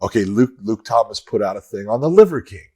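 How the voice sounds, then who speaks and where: A man's voice: lowish voice, expressive, quick pace, a little mellow, slightly rough. A middle-aged man co-hosting a fight podcast, chatting casually and telling stories with plenty of swearing. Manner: profane, storytelling. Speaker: podcast co-host. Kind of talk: casual chat.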